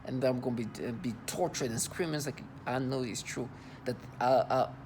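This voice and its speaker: This adult vlogger has a mid-range voice and a steady tone, heard over a noisy background. Speaking to camera in an agitated personal rant full of indignation and disgust, he stumbles and keeps repeating and restarting words.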